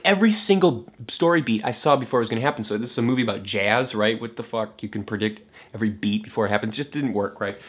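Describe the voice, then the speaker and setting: A man ranting casually about films, swearing a lot and mocking what he dislikes, with many fillers and restarts. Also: medium pitch. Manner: profane, fast, scornful, many fillers and restarts; mocks characters in a raised voice. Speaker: film vlogger. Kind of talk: casual rant to camera.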